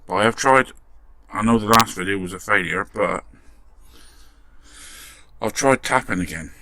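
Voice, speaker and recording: A man's voice: lowish voice, moderate pace, creaky, noisy background. A man chatting casually as he restores a toy car, muttering to himself with the odd mild swear. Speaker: model restoration vlogger. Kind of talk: casual workshop commentary.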